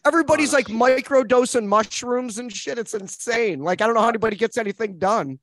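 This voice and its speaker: An American man hosting a casual podcast chat, excitable and profane, laughing often. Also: extremely high pitch, brisk. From United States. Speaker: podcast host.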